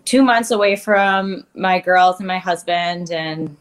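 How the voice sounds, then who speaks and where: A woman's voice: fairly low pitch, slow pace. A woman in her thirties, a curler, talking openly in a casual interview and laughing often. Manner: candid, emotional, laughs often.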